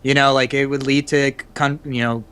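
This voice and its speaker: Halting young man chatting on a call. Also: mid-range voice, flat delivery, fairly bright tone, smooth. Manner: halting, thinks aloud with many "you know" and restarts. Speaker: podcast co-host, father of two. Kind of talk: casual group chat over a voice call. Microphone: computer mic on an online call.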